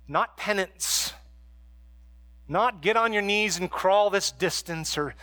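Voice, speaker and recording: A man preaching a sermon as a pastor, moving between hushed, quiet stretches and emphatic, raised passages. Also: sits high, no room sound.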